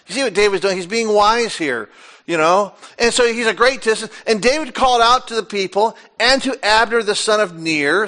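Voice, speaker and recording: A male pastor preaching a folksy sermon, reading Bible verses and acting out the characters' lines with lively asides to the congregation. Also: sits high.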